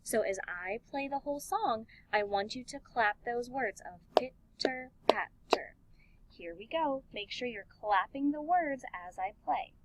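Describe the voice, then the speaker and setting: A woman music teacher giving an elementary music lesson, talking slowly and clearly and encouraging the class. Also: on the high side, expressive, poor audio. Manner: slow, clear, encouraging teacher talk with sung and chanted examples.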